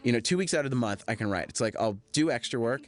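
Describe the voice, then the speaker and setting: A man's voice: medium pitch, lively intonation, fast. A young man, a film director, rambling candidly through a DVD commentary with frequent swearing.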